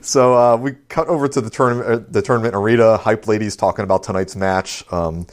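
A man with a fairly low voice talks through an episode recap for a podcast. His delivery is loose and rambling, with frequent "um" and "uh" filling the gaps. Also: fairly even intonation, fast talker. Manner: rambling, full of "um" and "uh" while recapping. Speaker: podcast co-host.

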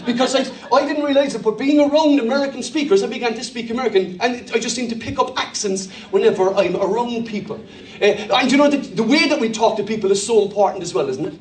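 A man's voice: very high-pitched, quick pace. An Irish man from Cork preaching a sermon as pastor, humorous and self-deprecating, telling stories. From Ireland. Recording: echoey church hall from a distance.

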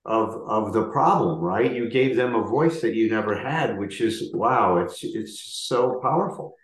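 A man's voice: lowish voice, lively intonation, unhurried, echoey room, poor audio. A man hosting a podcast interview, affirming his guest and explaining an idea through an analogy. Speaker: podcast host. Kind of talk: interview conversation.

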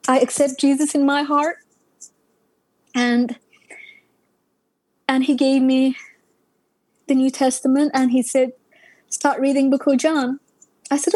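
High-voiced woman telling her testimony. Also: a little mellow, dry recording, low-quality recording. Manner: conversational, many "you know" fillers, non-native grammar. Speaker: testimony speaker. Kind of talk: personal testimony storytelling.

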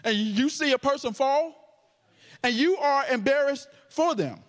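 A man's voice: very high voice, a little slow, fairly bright tone. A man preaching a sermon with a stutter, joking playfully with the congregation. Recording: long hall reverb.

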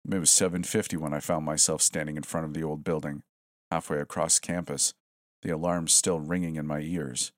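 Deep-voiced man narrating a horror story. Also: fairly quick, no room sound, studio quality. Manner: steady, tense storytelling.

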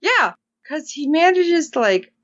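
A woman co-hosting a casual recap chat, animated and acting out characters' lines in put-on voices. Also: sits high, unhurried, dry recording, highs cut off. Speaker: podcast co-host.

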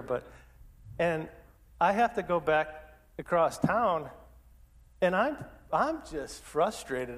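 A middle-aged man telling his testimony as a story, lively and acting out his own past words. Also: medium pitch, big-room sound. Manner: animated, acts out his own past lines.

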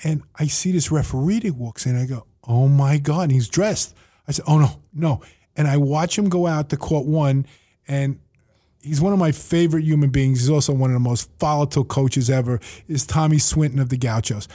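New guy on a podcast, telling stories and doing everyone's lines, kinda high voice but mellow and dark. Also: fairly quick. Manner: animated storyteller, quoting himself and others. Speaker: facility owner and manager. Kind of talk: casual podcast conversation. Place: table in his facility.

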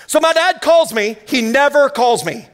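A man preaching a sermon as pastor, telling a family story with energetic exclamations. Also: extremely high pitch, moderate pace.

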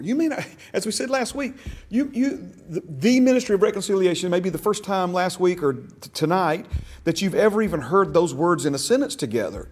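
A man's voice: high voice, lively intonation, fairly quick, husky. A man teaching a church discipleship class, stressing key words and asking the class questions. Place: church classroom, also streamed online.

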